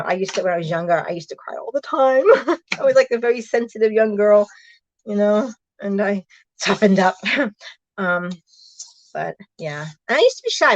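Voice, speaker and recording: A middle-aged woman chatting casually on a live stream, bubbly and warm with viewers, often laughing and greeting them by name. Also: medium pitch, no echo, lo-fi sound. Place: small room in her truck.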